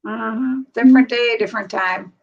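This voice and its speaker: A woman's voice: on the high side, normal speed, creaky, highs cut off. Chatty woman hosting a livestream. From North Carolina. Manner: chatty, laughs easily. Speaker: livestream host. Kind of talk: casual chat.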